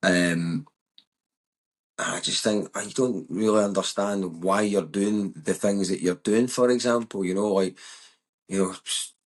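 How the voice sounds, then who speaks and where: A man's voice: low voice, fairly even intonation, a little slow. A Scottish man in his thirties with a West of Scotland accent, a comedian guest talking candidly, bluntly and emphatically, with frequent swearing. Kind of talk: candid conversation.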